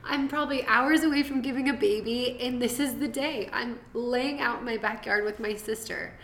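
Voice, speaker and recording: A woman's voice: on the high side, moderate pace, fairly bright tone, a little hiss or hum. A young woman telling her birth story as a podcast guest, chatty and laughing, drifting into tangents. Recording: roomy echo.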